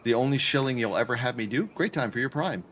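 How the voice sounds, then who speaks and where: A man speaks fast and expressively, his medium-pitched voice fairly bright, with slight background noise. He's a Canadian streamer casually joking with his chat as he games from his apartment.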